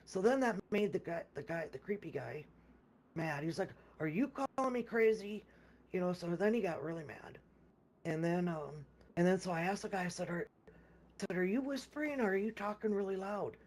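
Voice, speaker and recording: A gamer with a medium-pitched, slightly dark voice talks a little fast while casually retelling a game session at length. The story rambles, full of restarts and repeated words, and they act out other people's lines in quoted speech.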